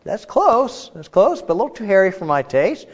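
Picture a bemused, fussy first man weighing his choices aloud, voice lifting high on the jokes, as a pastor acts him out in a sermon. The sound is muffled and carries the long echo of a big hall. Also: sing-song, normal speed, slightly rough, full character voice. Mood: amused picky. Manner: musing, mock-judging with higher comic inflections. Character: biblical first man, wry and picky. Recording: echoey hall, dull sound.

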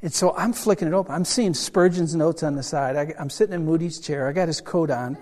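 An older man preaching a sermon as a pastor. He tells a personal story in a chatty, animated way, with self-deprecating humor. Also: a little high, brisk. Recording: reverberant hall sound.

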